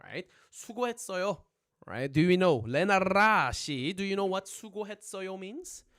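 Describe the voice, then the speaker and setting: A young man teaching a casual livestream language lesson, chatty and animated, always checking in with his viewers. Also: high voice, racing.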